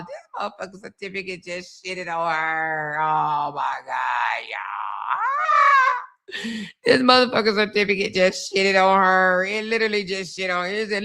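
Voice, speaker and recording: A woman hosts a comedic livestream, her voice bright and sharp. She mocks and cackles loudly, with profanity in nearly every line. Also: medium pitch. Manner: loud, mocking, laughing, swears a lot. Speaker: livestream commentary host.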